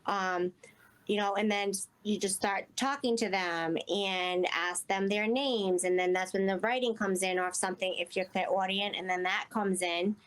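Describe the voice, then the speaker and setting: A woman's voice: medium pitch, steady tone, normal speed. A woman guest speaking earnestly in casual interview chat, rambling and often saying "you know". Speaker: guest medium.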